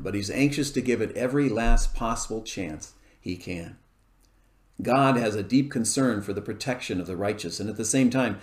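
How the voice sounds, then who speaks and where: A man preaching an expository sermon, explaining a scripture passage verse by verse in a measured way. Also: mid-range voice, a little mellow. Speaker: pastor. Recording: echoey room.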